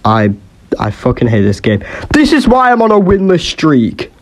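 A man's voice: a little high, huge pitch swings, moderate pace, slight background noise. A young man giving swearing, exasperated, jokey commentary over his own gameplay. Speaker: gaming YouTuber.

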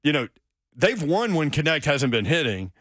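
A man's voice: a little high, big pitch swings, moderate pace, fairly bright tone, no room sound, clean studio sound. A man hosting a sports radio show, talking in an easygoing, conversational way. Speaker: radio host. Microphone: studio mic.

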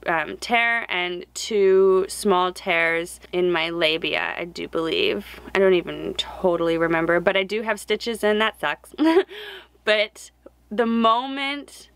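Young woman, vlogger, heartfelt story to camera, dry close sound, mid pitch. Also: takes it slowly, fairly bright tone, clear, resonant tone, dry recording. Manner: emotional, heartfelt, close to tears. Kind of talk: personal story told to camera.

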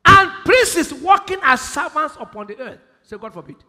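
A Nigerian pastor preaching in a very high, lively voice that leaps up and down. His tone is bright and forceful, and he throws in sudden shouted lines. The sound carries the long reverb of a large church hall. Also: normal speed. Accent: Nigerian English. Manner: preaching with sudden shouted emphasis and Bible quotes. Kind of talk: sermon.

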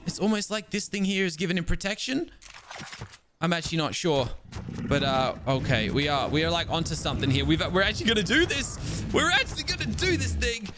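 Excitable young man, high and lively. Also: a little fast, noisy background. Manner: excitable, exclaims often, talks to viewers. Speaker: gaming channel host. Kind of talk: live gameplay commentary.

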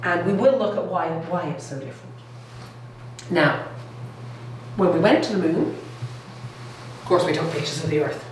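A lower-voiced woman giving a lively public science talk, keeping the crowd with her through frequent "all right?" check-ins. She is recorded from a distance, with a strong echo in the room. Faint noise hums underneath. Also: moderate pace, long pauses. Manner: enthusiastic, keeps checking in with "okay?" and "all right?". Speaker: lecturer. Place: lecture room.

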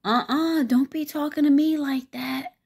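A brash, bossy woman in her forties snaps out demands in a loud, pushy voice, as a low-voiced woman puts her on. Her voice jumps well above the storyteller's own and rings a little distant. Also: animated, moderate pace. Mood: rude. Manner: aggressive, demanding.

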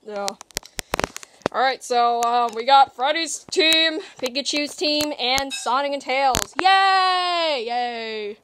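A woman hosting a toy play video and narrating it in an excitable way, with shrieks and gasps. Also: high-pitched, slow pace, noisy background. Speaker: channel host.

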